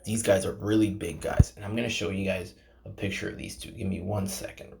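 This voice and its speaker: A man with a lowish, gravelly voice reads a story aloud in a loose, unpolished way. He trips over names, restarts sentences and keeps turning to his viewers to chat between passages. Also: steady tone, mellow, slight background noise. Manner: halting, stumbles over names, chats to viewers. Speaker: channel host reading a game novel aloud. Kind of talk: casual read-aloud with commentary.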